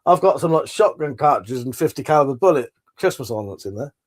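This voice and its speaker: A fast-talking man with a mid-range voice and lively intonation hosts a livestream. He rambles casually while reading out live comments, swearing every so often.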